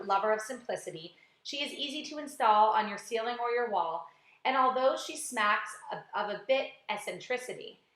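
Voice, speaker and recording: A woman's voice: on the high side, sharp tone. A woman doing an eager little boy. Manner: eager, friendly. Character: cheerful small boy. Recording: echoey room.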